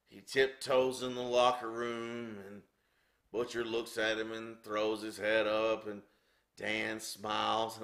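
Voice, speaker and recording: A man, a former wrestler, telling a backstage story with animated delivery and acted-out sound effects. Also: lowish voice, slow. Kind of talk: anecdotal storytelling. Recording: roomy echo.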